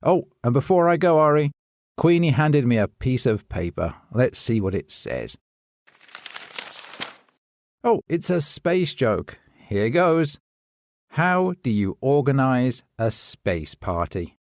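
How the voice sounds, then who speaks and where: A man's voice: medium pitch, very animated, slow, long pauses. A man who hosts a poetry podcast, chatting as a guest in an upbeat, friendly way. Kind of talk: scripted podcast chat.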